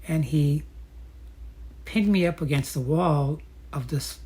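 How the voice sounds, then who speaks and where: A woman telling her own dating story in a chatty, reflective way, often pausing with fillers. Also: low voice, warm tone, a little hiss or hum. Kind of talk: casual personal storytelling.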